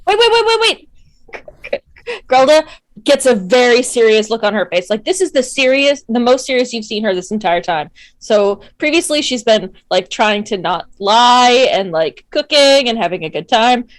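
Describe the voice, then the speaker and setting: Lady player at a d&d table, kinda high voice, dry sound, just chatting. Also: very animated, normal speed, no room sound. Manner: chatty, narrates her character's actions. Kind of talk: casual tabletop game chat.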